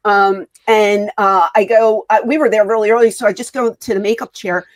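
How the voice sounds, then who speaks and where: Animated woman telling a story. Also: medium pitch, moderate pace. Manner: animated, acts out quoted dialogue. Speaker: wrestling guest. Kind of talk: casual interview storytelling.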